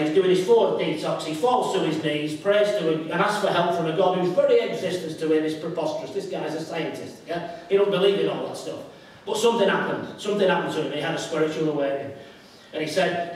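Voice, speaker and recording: A middle-aged man giving a witty, animated conference talk and acting out drinkers' voices. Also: sits high. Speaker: conference speaker. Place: large conference hall. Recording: echoey hall, from far off.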